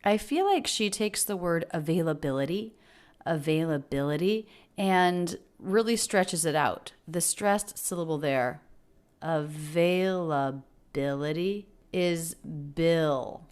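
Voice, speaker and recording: A woman teaching English pronunciation, breaking down phrases and repeating words slowly to model their sounds. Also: on the low side, lively intonation. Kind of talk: pronunciation lesson.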